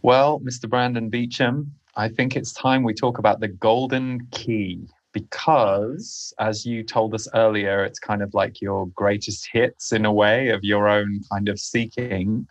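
Male podcast host with a low, dry voice who asks affirming, leading questions. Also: no room sound. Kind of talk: interview questions.

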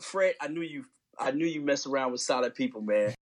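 A man chatting easily as a guest on a sports podcast. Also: medium pitch. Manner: easygoing, drawn-out, ends lines with "man". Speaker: guest fan. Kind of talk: casual sports podcast chat.

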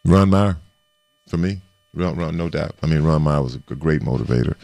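A man, a former football player, co-hosting a casual sports talk show and telling animated stories from his playing days. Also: rumbling low, brisk, creaky, no room sound. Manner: animated storyteller, acts out quotes.

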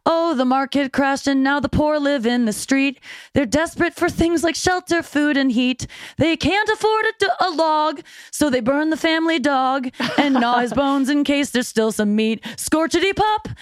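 Woman doing a cheery old-time crooner ghost, folksy patter, pitched up, dry close mic. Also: lively intonation, fast, few pauses, no room sound, lightly acted. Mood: singsong. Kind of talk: comedic sketch reading.

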